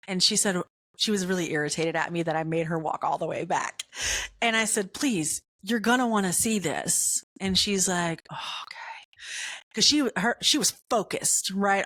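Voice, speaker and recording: A middle-aged woman hosting a podcast, telling a personal story in a casual, animated way and jumping up in pitch for excited quotes. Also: dry recording, studio quality. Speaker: podcast host.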